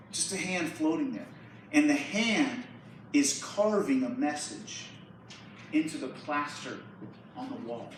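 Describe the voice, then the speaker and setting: A young man giving a sermon as a youth pastor. He retells a Bible story in a casual, lively way. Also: a little high, a little hiss or hum. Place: church hall. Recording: echoey hall from far off.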